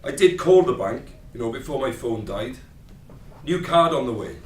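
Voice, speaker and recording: A man's voice: mid-range voice, lively intonation, moderate pace, natural voice. An actor with a Welsh accent performing a stage monologue as a brash, foul-mouthed young Welshman with wry, swearing asides, recorded from a distance in a room. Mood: sardonic. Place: rehearsal room. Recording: roomy, distant mic.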